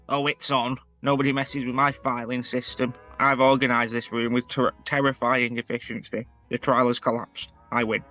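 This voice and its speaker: Giggly podcast co-host. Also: male voice, medium pitch, little pitch movement, moderate pace, pushed and bright, faint music behind, low-quality recording. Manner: giggly, playful. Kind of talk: improvised comedy role-play.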